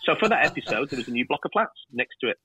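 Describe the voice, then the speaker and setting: A man, a TV director, telling lively stories in a casual interview and swearing freely. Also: mid-range voice, rapid-fire, husky. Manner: animated storyteller, swears freely. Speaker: TV director, guest. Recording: tinny phone-like line.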